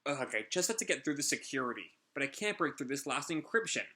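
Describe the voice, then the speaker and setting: A man voicing a calm, capable female hacker android in a brisk, matter-of-fact way. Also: medium pitch.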